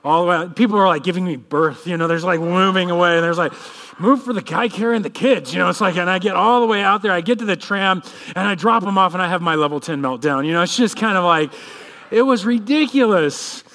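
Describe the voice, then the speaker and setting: A man in his thirties, a pastor, praying and then preaching with a lively personal story. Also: sits high, fast. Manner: animated storytelling, acts out kids' voices. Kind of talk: sermon with prayer and personal story.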